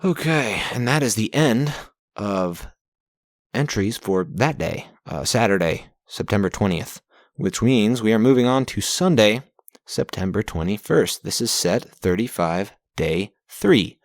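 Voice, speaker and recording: A man's voice: on the low side, animated, a little slow, no room sound, clean studio sound. Profane, sarcastic man recapping his week. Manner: profane, sarcastic, easily exasperated. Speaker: podcast host reading his journal. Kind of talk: casual journal recap monologue. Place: home recording setup. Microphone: pop-filtered mic.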